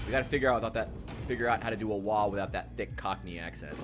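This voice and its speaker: A man casually commenting while playing a game, rambling and sarcastic, now and then yelling in panic. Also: lowish voice, racing. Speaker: gaming channel host. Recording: game music loud behind.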